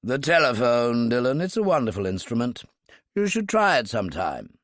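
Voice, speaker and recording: Male narrator doing a clipped, commanding old brigadier, lively lilt, dry close read. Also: medium pitch, normal speed, no room sound, close to an everyday voice. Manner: clipped, wry, authoritative. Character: gruff elderly British brigadier, dry and commanding.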